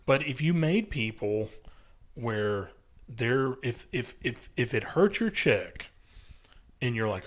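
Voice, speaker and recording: A man's voice: medium pitch, expressive, a little slow. A man hosting a casual podcast chat, rambling and acting out quoted people in put-on voices. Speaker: podcast host.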